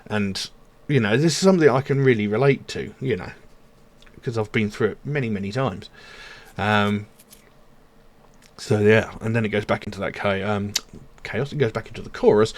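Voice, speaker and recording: A man's voice: fairly low pitch, normal speed, pauses often. A man hosting a music reaction channel, talking through song lyrics in an earnest, rambling way with lots of fillers. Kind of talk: casual commentary on song lyrics.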